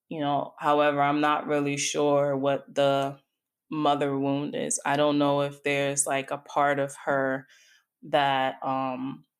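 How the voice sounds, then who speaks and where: Speaking straight to her audience, this middle-aged podcast host and coach has a low, clear, resonant voice. Her solo show is reflective, and she talks in a candid, confiding manner.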